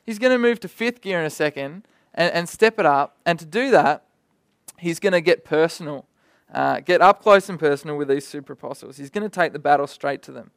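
This young preacher gives a brisk, animated sermon in a conversational style, full of vivid asides, his slightly high male voice showing vocal fry. The tone is clean, close and dry, with no echo.

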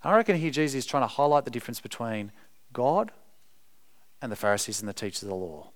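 Animated preacher, man. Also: medium pitch, fast talker. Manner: earnest, emphatic, speaks to the congregation directly. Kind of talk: sermon.

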